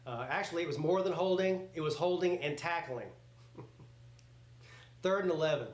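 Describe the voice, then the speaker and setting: A man hosting a casual live reaction stream, calling plays as they happen in a rambling, excitable way that slips into swearing. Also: fairly high pitch, normal speed. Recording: roomy echoey home setup.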